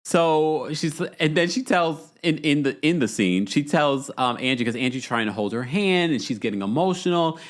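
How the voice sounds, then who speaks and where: A man hosting a live reality TV recap show, reading viewer chat comments aloud and laughing often in an animated way. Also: fairly high pitch, normal speed, hardly any pauses. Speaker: podcast host.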